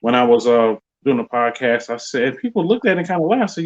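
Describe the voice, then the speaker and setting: A man hosting a casual podcast chat, telling a wild story with lively jumps in his voice when he quotes people. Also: fast, muffled recording. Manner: animated storyteller, jumps high when quoting others. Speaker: podcast host.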